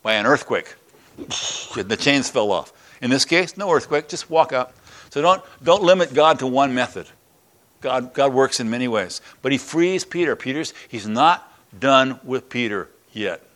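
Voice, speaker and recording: A man's voice: mid-range voice, a little slow. An older man preaching a sermon, retelling a Bible story and a personal anecdote, acting out the quoted voices with chuckles. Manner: lively, acts out the scenes with quoted voices and chuckles. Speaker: pastor.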